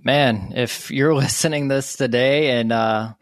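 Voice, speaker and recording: A man hosting a faith interview, asking questions and giving relaxed, affirming wrap-ups. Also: medium pitch, measured pace, no room sound. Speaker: host.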